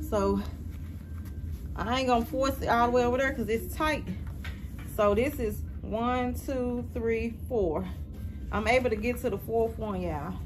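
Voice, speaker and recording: A woman's voice: high-pitched, background noise. A woman chatting casually to her viewers in a home vlog, reviewing a product and calling her audience "y'all". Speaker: vlogger. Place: at home indoors.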